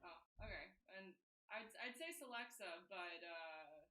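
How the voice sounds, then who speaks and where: A woman's voice: on the low side, expressive, unhurried. A woman playing a tabletop game in character, hesitant and full of ums, a little distant from the mic. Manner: bright, hesitant, lots of ums. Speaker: player. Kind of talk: in-character tabletop role-play. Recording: roomy, off-mic.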